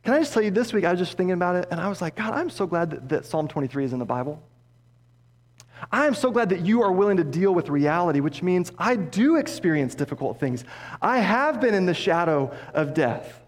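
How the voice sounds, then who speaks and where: A man preaching a sermon as pastor, passionate, dropping low and soft for emphasis. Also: very animated, a little fast. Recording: long hall reverb.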